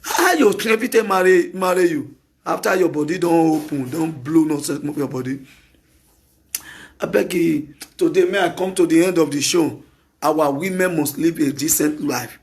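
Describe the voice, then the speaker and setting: On his talk show, a Nigerian-accented man delivers an opinionated solo monologue at a normal speed. His voice is high for a man, and he drives his points home through emphatic repetition, at times erupting into shouts.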